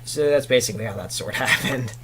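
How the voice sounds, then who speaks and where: Young male guest, mid-pitched, rambling storyteller, faint hum under the voice. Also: fast talker. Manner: rambling, frequent "you know" fillers. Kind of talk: casual chat.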